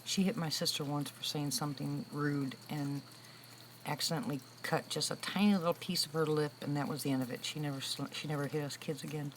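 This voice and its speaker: An older woman in her sixties with a notably low voice, chatting casually with her livestream viewers. She tells stories in a relaxed, talkative way and laughs often. A faint hiss of background noise sits under her voice. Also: brisk, poor audio. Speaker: livestream host. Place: room with a loud air conditioner.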